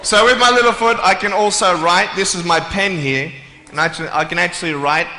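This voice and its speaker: With a high, bright, pushed voice held at a steady tone, a motivational speaker jokes around with his live crowd, firing off quick, playful asides. His talk echoes through a hall with faint ambience, and a bit of hiss or hum sits under the audio.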